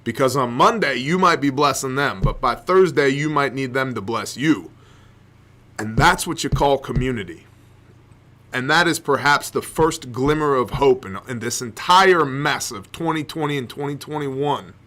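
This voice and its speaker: A man's voice: mid-range voice, expressive, moderate pace, a bit bright. A man hosting a podcast, giving impassioned faith-based commentary full of rhetorical questions and emphatic repetition. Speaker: podcast host.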